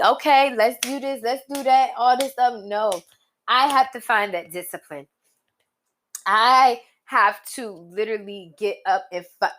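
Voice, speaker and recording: A woman hosting her own podcast, giving motivational talk with drawn-out, emphatic pauses and colloquial phrasing. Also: medium pitch, fairly bright tone. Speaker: podcast host.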